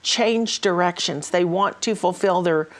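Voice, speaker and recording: Low-voiced woman telling ministry stories. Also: measured pace. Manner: storytelling, many fillers and restarts. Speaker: host. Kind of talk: casual ministry chat.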